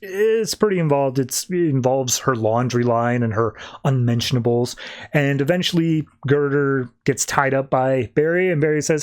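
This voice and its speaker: A man casually recapping a comic on a podcast, slipping into quick, loose character voices as he retells each scene. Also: mid-range voice, lively intonation, a little mellow. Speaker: podcast co-host.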